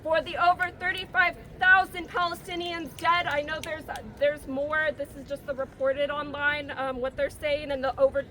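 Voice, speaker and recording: A woman's voice: high-pitched, level tone, normal speed, hardly any pauses, sharp tone. A young woman giving an emotional, rousing protest speech outdoors, now and then stumbling over words. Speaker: rally speaker. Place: outdoor campus green. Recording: outdoor street noise, faint.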